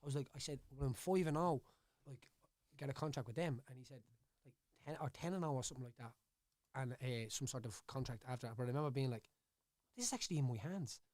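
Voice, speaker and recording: A man's voice: mid-range voice, quick pace, a little mellow, no echo. A man with a Dublin Irish accent, a podcast guest talking casually and rambling, with stumbles, repeated words and "you know what I mean" tags. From Ireland. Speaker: podcast guest, former fighter. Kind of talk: casual chat. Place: studio.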